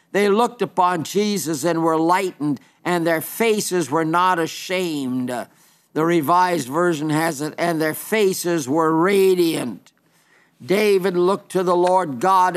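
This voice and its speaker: A man with a high voice preaches an unhurried, earnest sermon. He quotes long passages of scripture and sometimes stops to restart a word. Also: clean tone.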